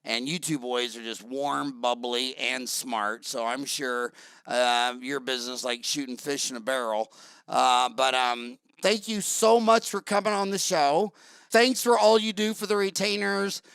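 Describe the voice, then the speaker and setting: A man's voice: mid-range voice, unhurried, creaky, fairly bright tone, smooth, no room sound. A middle-aged man hosting an interview, telling blunt, rambling stories in casual talk. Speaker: podcast host.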